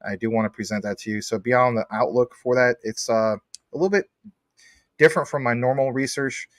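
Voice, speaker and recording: A man's voice: mid-range voice, fairly quick, no echo, studio quality. A man hosting a casual livestream, upbeat as he reads viewer comments aloud. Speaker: livestream host.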